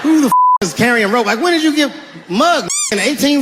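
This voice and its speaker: A man performing a stand-up comedy set, telling stories with animated delivery and bursts of shouting. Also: very high voice, fairly quick, long reverb tail, very noisy.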